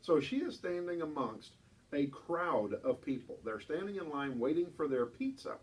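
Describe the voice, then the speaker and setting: A man co-hosting a radio talk show, reading listener emails with animated, laughing asides. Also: on the high side, moderate pace, distant mic. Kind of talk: casual radio chat.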